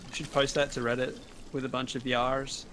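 A man's voice: mid-range voice, level tone, brisk, background noise. A man co-playing a game in casual chat, joking around and swearing when fights go badly. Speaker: co-player.

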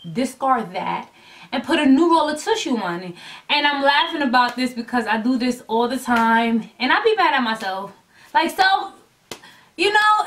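A woman vlogging to her camera in a casual, animated way, blunt and emphatic with some swearing, rambling as she loses her thread. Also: on the high side. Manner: rambling and chatty, losing her train of thought. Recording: voice a little distant from the mic.

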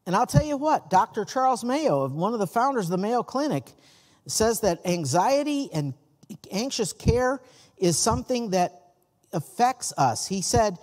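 A man preaching in a church, his pitch rising and falling a great deal as he tells folksy stories. The sound has a long, hall-like reverb. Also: big pitch swings, a little slow, a little mellow. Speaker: pastor. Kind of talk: sermon. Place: church sanctuary.

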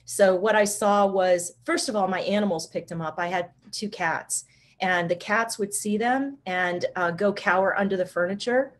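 A woman guest in an interview, telling a personal story in an animated, conversational way, often saying "like". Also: medium pitch, moderate pace. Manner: animated, conversational, uses "like" a lot. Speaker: guest, shamanic healer.

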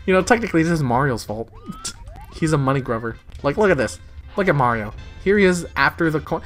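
Lively man doing game commentary. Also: on the high side, a little fast. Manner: excitable, swears often, laughs a lot. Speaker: gamer. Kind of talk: casual let's-play commentary. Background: faint game music.

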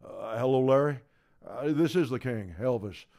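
A man doing an impression of a famous rock-and-roll singer, mumbling in a low croon. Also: lively intonation, normal speed, dark tone, natural voice.

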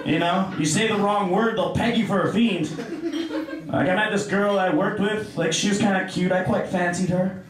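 High-voiced young man doing stand-up. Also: steady tone, normal speed, heavy reverb, far from the mic, a crowd in the background, poor audio. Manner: self-deprecating, offhand storytelling. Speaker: stand-up comedian. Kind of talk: stand-up comedy set. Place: comedy club stage.

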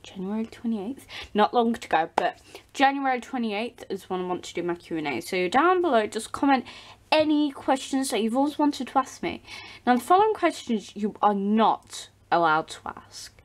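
Speaking at a moderate pace in a high-ish, very animated voice, this teenage doll vlogger rambles to her audience in a casual chat. She's at home behind the camera, and her talk is full of ums and false starts.

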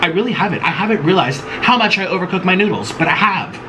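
A fast-talking, expressive man hosts a cooking vlog from his home kitchen, chatting about cooking and eating in a dramatic, sassy, rambling way. His voice sits high and swoops widely, with clear background noise underneath.

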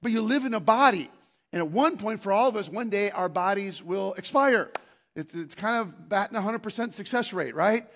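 A man preaching a sermon, telling a rambling personal story with many restarts and bursts of loud excitement. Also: high voice, normal speed. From Scandinavian heritage, Norwegian. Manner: breaks into loud, excited shouting when acting out scenes. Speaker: pastor.

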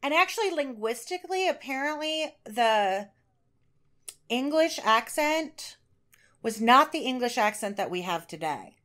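A woman with a somewhat high voice co-hosts a podcast. She chats eagerly and loosely, stacking fillers and restarting her sentences. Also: big pitch swings, a little slow, fairly bright tone. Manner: chatty, enthusiastic, many fillers and restarts. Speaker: podcast co-host. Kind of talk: casual chat.

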